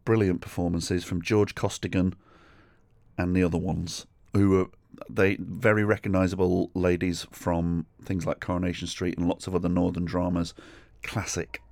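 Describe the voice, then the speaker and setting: A deep-voiced English man telling a story on his solo comedy podcast, sweary and chatty, with bursts of animation and asides. His voice is close and dry, with no room sound around it. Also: level tone, moderate pace, creaky, darkish tone, no room sound. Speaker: podcast host.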